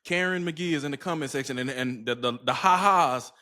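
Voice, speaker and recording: A man's voice: mid-range voice, fairly quick, pushed and bright. A man telling funny stories in casual podcast chat, laughing through his own punchlines.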